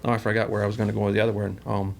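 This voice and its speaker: A man's voice: on the low side, little pitch movement, rapid-fire, creaky, slight background noise. A man, a company president, telling workplace stories in a rambling, casual interview style and acting out the quoted dialogue. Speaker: company president, podcast guest.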